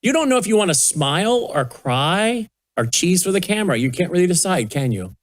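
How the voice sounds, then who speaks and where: An older man, the host, gently coaxing and baby-talking with a small child at a studio news desk. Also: high voice, very animated, brisk, no echo. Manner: soft coaxing baby talk. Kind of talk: casual chat with a toddler on air.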